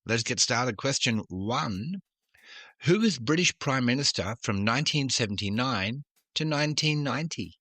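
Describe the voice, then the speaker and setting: A man's voice: medium pitch, animated, normal speed, bright, forceful tone, no room sound. A man hosting a trivia podcast, reading questions with jokey, self-deprecating asides. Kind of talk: casual quiz podcast.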